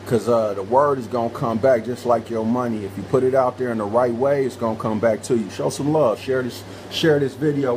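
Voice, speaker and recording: An emphatic man lectures with a preacher's insistence, his voice pitched in the ordinary middle range. He drops street slang and talks in long, hammering lines. A faint hiss of noise sits under him. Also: rough recording. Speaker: guest speaker. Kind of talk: livestream talk show discussion.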